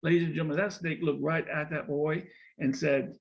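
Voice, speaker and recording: Gravelly earnest middle-aged man telling a story. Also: a little high, level tone, moderate pace. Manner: earnest, repetitive, with many restarts. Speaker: speaker in a public speaking class. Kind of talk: storytelling speech.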